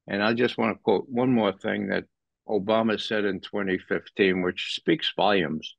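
A man commenting as a guest in an interview, animated and sardonic, rising sharply in pitch when he stresses a point. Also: moderate pace, gravelly, dry recording. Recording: dull lo-fi dry sound.

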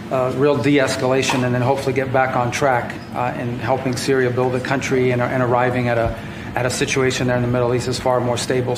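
An official gives a press statement in a flat, even tone, choosing his words carefully. The clip is roomy and echoey, with clear background noise. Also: medium pitch. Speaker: government official.

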